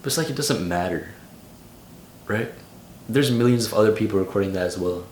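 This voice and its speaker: A man's voice: lowish voice, a little fast, a little mellow, reverberant, slight background noise. A young man in his late teens giving casual vlog advice in a loose, slangy way full of "like". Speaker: vlogger.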